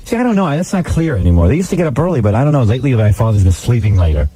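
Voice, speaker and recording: A man hosting a radio show, telling stories in a sarcastic, animated way from a studio. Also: medium pitch, racing, slightly rough. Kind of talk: casual radio banter.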